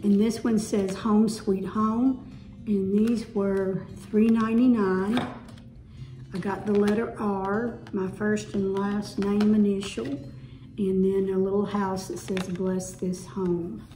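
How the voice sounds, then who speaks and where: A woman's voice: medium pitch, flat delivery, slow pace, warm tone. Chatty Southern woman showing a haul. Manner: chatty, folksy, gushing over items. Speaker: home decor vlogger. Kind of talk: casual show-and-tell haul. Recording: echoey room with faint music.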